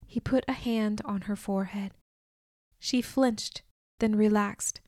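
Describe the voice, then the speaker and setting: Woman narrator, audiobook reading, slow and measured, dry close sound. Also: medium pitch, steady tone, a little mellow, dry recording. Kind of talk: scripted first-person audiobook narration.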